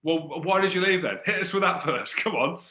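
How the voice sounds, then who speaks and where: A man from Scotland hosting a casual interview, joking and teasing his guest with lively banter. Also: on the high side, fairly quick, reverberant. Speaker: host.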